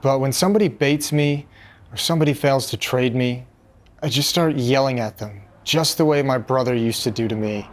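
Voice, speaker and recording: A man with an ordinary middle-pitched voice speaks defensively in a comedy skit. He talks plainly and steadily. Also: normal speed. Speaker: esports caster.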